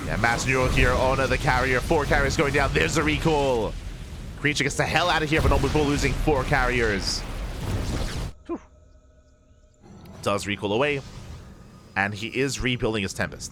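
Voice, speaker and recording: A man casting a live strategy game match, calm in his play-by-play and bursting with excitement when the fights break out. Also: medium pitch. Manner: excitable, rising sharply in big moments. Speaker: esports caster.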